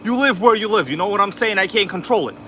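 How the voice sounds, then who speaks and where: Speaking fast and expressively, this RC livestream host has a high, pushed, bright voice, with a little hiss or hum on the recording. He's from Queens and has a New York accent, calling out viewers by name in an over-the-top announcer style while an air conditioner runs in the indoor room.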